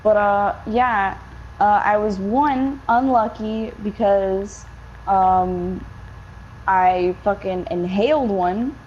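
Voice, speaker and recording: A woman's voice: medium pitch, takes it slowly, slight background noise. A young woman casually telling a story, rambling with lots of fillers and swearing. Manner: rambling, swears a lot, many likes and fillers. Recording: dull lo-fi game-capture audio.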